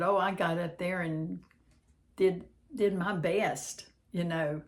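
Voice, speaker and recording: A woman hosting a devotional channel, reading a note aloud and then chatting in a gentle, unhurried way with pauses. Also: deep voice, a little hiss or hum.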